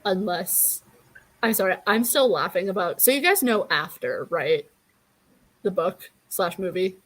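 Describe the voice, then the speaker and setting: A woman's voice: on the low side, expressive, unhurried, fairly bright tone, no echo, rough recording. A woman in her early twenties chatting casually about books, blunt and wry in her opinions. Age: 20s. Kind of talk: casual chat.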